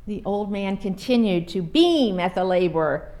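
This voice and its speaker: A woman giving a sermon, reading a story aloud with an expressive, dramatic delivery. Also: medium pitch, normal speed.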